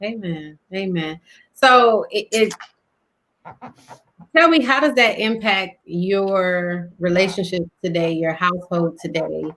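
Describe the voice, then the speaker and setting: A woman's voice: on the low side, slow, a bit bright. A woman hosting a faith interview, affirming her guest and asking short questions. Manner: affirming, brief prompts and amens. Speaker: host.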